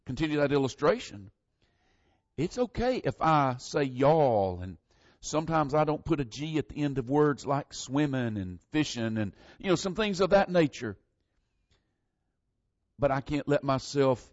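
A man's voice: mid-range voice, no room sound, dull audio. A man from northern Florida with a Southern accent, preaching a folksy, conversational sermon and leaning hard on the scripture verses.

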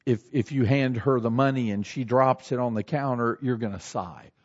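A man preaching a sermon as a pastor, animated and acting out everyday scenes in shifting voices. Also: mid-range voice, normal speed, muffled recording.

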